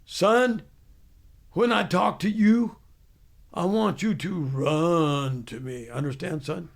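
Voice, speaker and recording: A man's voice: sits high, slow, creaky, darkish tone, pitched above the performer's own voice, heavily acted. A man putting on a barking Southern drill sergeant. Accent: American Southern. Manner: barking, calling the listener son. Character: gruff older male Southern drill sergeant.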